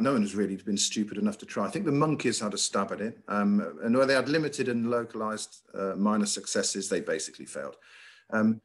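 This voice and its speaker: A middle-aged man, a headmaster giving a lively, emphatic lecture over a video call, with frequent ums and uhs. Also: on the low side. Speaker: school headmaster giving a talk. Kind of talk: lecture with slides.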